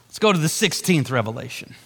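Man preaching, high voice, earnest repeated emphasis, long reverb. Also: big pitch swings, fast, a bit bright, slight background noise. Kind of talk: sermon-style teaching on a book.

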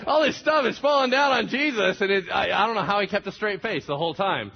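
A man's voice: high-pitched, fast, gravelly, husky, highs cut off. A man preaching a sermon, telling the story with animation and acting out the voices of the people in it. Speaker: pastor.

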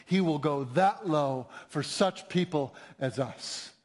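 Earnest preacher, a man with a high-set voice. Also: slow pace, a little mellow. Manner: earnest, emphatic preaching with rising appeals. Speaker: pastor. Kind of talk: sermon.

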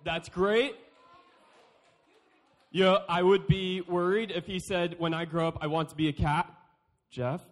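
High-voiced playful young man speaker. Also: fairly even intonation, unhurried, pauses often. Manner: playful, joking, acts out quotes. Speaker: youth speaker. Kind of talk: youth sermon talk.

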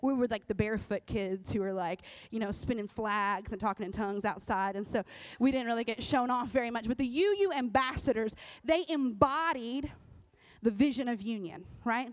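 A woman giving a casual, conversational sermon, often checking in with the crowd with a quick "right?". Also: a little high, no room sound. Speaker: speaker at a church or youth service. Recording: dull, dry recording.

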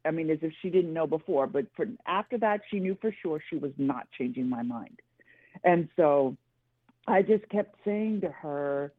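A woman's voice: on the low side, animated, normal speed, no room sound. A middle-aged woman, a guest columnist, telling her story earnestly and emphatically in a radio interview. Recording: tinny dry phone line.

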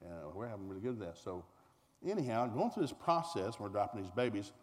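A middle-aged man with a Southern US accent telling a comic family story to a live audience in a folksy, animated way. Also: fast. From American South. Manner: folksy, animated, acts out voices, climbs high when excited. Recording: reverberant hall with faint noise.

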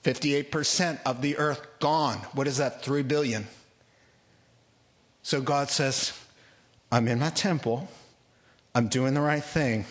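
A man's voice: medium pitch, slow pace, pauses often. A man preaching a sermon, telling Bible stories with humor and acting out the voices of the figures in them. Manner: animated storytelling, puts on voices for biblical figures, laughs often. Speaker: pastor.

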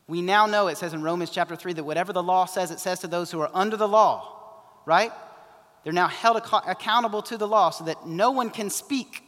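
A man's voice: high-pitched, fairly bright tone. A man in his thirties preaching a sermon in a conversational way, often slipping into quoted voices. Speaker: pastor. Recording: long hall reverb.

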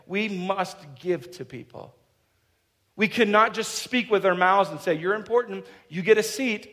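A man in his thirties delivering a sermon to his church, with a noticeably high voice. His preaching is animated and humorous. He slips into quick acted-out lines. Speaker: pastor.

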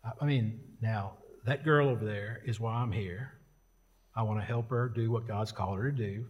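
A man's voice: on the low side, moderate pace, husky, big-room sound, dull audio. Folksy joking male preacher. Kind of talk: sermon storytelling.

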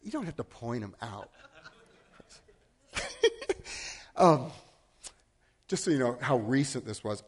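A middle-aged man preaching a sermon, telling a story against himself with sudden swings between loud and hushed. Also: mid-range voice. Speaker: pastor.

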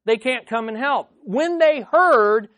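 A man with a very high-pitched voice preaches slowly, his intonation lively, addressing the audience directly as their pastor. Key phrases get emphatic repetition, and his volume rises and drops between loud and soft. There is no room sound.

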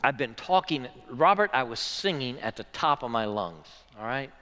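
A man preaching a sermon as pastor, earnest, moving between hushed passages and loud, swelling ones. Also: medium pitch, animated, moderate pace, big-room sound.

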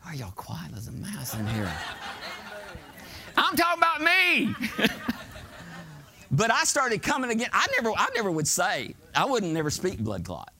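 A middle-aged man preaching a sermon in church, telling folksy stories and building to shouted exhortations. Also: high voice, wildly swooping pitch, moderate pace, vocal fry. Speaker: pastor. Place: church sanctuary.

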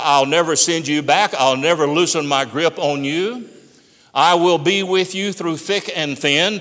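A man's voice: a little high, fairly bright tone. A man preaching a sermon, emphatic and repeating phrases for stress. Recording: long hall reverb.

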